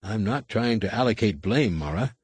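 A man voicing a calm, weary male Jedi master who speaks quietly and with measure. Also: fairly low pitch, moderate pace, breathy edge, dry recording. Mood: grave.

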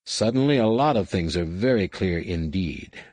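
Man voicing a quiet, weary Jedi master. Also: low voice, lively intonation, dry recording. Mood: grave. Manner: quiet and measured.

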